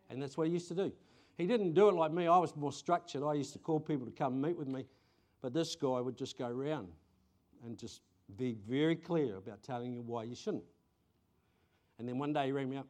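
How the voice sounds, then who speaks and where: A middle-aged man, preaching a conversational sermon and telling stories with sudden bursts of excitement. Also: mid-range voice, fairly quick. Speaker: pastor.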